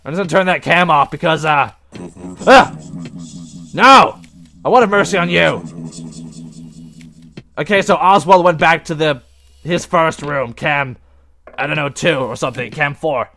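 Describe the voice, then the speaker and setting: A young man commenting on a horror game as he plays, excitable and easily startled into yelps. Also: on the high side, normal speed. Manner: excitable and jumpy, yelps and shouts at scares. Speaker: gaming video host. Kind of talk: let's play commentary.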